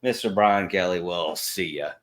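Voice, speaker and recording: A man's voice: low-pitched, moderate pace, fairly bright tone. A man, co-hosting a casual sports podcast, blunt and trash-talking with lots of fillers. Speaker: podcast co-host.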